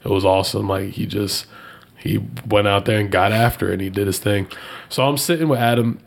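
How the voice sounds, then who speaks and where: Man, low-pitched, gravelly, animated, casual storytelling. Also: fairly quick. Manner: animated, jumps high when quoting people.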